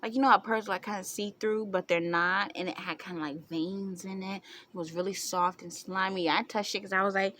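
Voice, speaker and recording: A woman's voice: mid-range voice, fairly even intonation, moderate pace, a bit bright, slight background noise. A young woman tells a story to camera in a chatty way, laughing and acting out what people said. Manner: chatty, laughing, acts out quotes with squeals. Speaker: vlogger.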